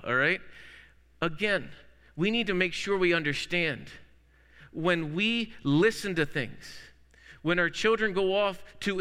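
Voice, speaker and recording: Bright, clear-voiced male preacher in a reverberant hall. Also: sits high. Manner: anecdotal storytelling with playful wordplay. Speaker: pastor. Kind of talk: sermon.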